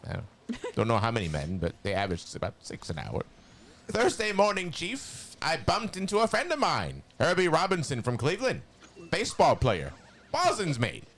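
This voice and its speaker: A nasal, sneering villain sorcerer with a skeletal edge, as a man puts on a high voice. The pitch sits well above a normal speaking voice, and every line comes out as a menacing dramatic reading. It sounds like a cartoon baddie reciting a long story. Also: fairly bright tone. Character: evil skeletal male sorcerer, cackling villain. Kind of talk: dramatic monologue reading in a character voice.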